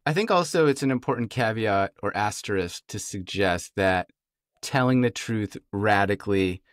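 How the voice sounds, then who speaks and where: Brief: man host, thoughtful and playful, lower voice, dry studio sound. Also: dry recording. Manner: reflective, playful, acts out quoted speech in a higher voice. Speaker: podcast host. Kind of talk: casual conversational interview.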